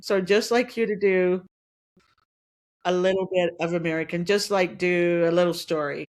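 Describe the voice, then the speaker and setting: A woman's voice: fairly low pitch, steady tone, moderate pace, a little mellow. A woman hosts a casual interview, full of enthusiasm. She gushes over her guest's answers and asks follow-up questions. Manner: enthusiastic, effusive praise. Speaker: host, interviewer.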